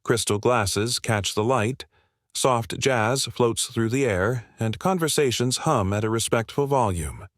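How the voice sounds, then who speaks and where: A man narrating a scripted story in an even, measured way. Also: medium pitch, no echo, studio quality.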